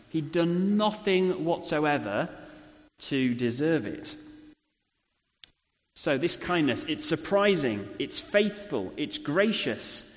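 A man delivers a sermon in a relaxed, conversational manner, checking in with his listeners through frequent tag questions. His voice sits at an ordinary middle pitch. It carries a long reverb from the church hall where he speaks. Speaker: preacher.

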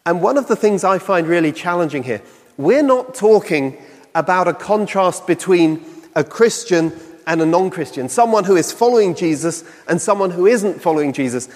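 A man's voice: high voice, lively intonation, moderate pace, a little mellow, long reverb tail. A man preaching a sermon in a reflective way, asking many questions.

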